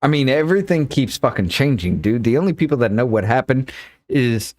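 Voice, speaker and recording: A man's voice: medium pitch, lively intonation, brisk, darkish tone. A man co-hosting a podcast over a voice call, talking casually and bluntly with frequent swearing. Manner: blunt and profane. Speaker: podcast co-host.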